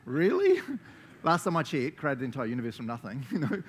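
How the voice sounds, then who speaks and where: A man's voice: medium pitch, wildly swooping pitch, a little fast, a little hiss or hum. A man putting on the voice of God, almighty and amused, teasing with laughing disbelief during a sermon. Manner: laughing, incredulous.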